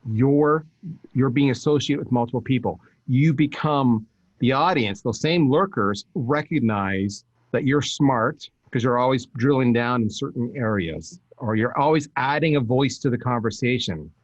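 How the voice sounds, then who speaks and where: A man, a podcast guest, giving emphatic, animated marketing advice in casual talk. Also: mid-range voice, no room sound, dull audio. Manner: energetic, emphatic, animated storytelling with restarts.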